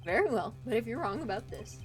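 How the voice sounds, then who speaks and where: Brief: a woman playing an old courtroom judge, high, loud and flustered. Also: very animated, quick pace, faint music behind. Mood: stern.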